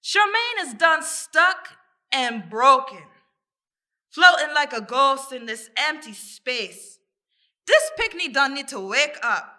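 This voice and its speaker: A woman poet giving a rhythmic, deliberate spoken-word poetry performance, repeating phrases for effect. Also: high voice, sing-song, bright, forceful tone.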